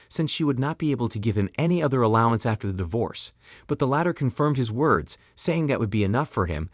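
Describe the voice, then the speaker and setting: A man reading a scripted story recap in an even, steady third-person telling. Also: mid-range voice, no echo, clean studio sound. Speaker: recap narrator. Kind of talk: scripted narration.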